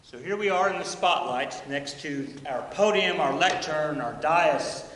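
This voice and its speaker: A man delivers a keynote speech in a playful, theatrical storytelling manner. His voice is bright and forceful. It rings with the long reverb of a high school auditorium. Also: unhurried, slight background noise. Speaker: keynote speaker at a school induction ceremony. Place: high school auditorium, stage and control booth.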